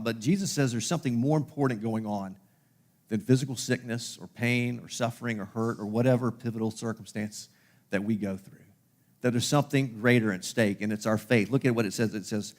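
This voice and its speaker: A man preaching a sermon, retelling a Bible story with lively asides and speaking the characters' lines in his own voice, slowing and softening on key lines. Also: fairly low pitch. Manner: animated storytelling, voices the disciples and Martha in plain speech. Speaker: pastor.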